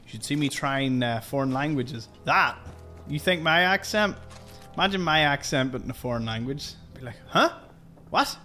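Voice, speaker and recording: A man's voice: mid-range voice, moderate pace, sharp tone, soft background music. A man giving chatty, joking let's-play commentary. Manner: chatty and jokey. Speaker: gaming youtuber.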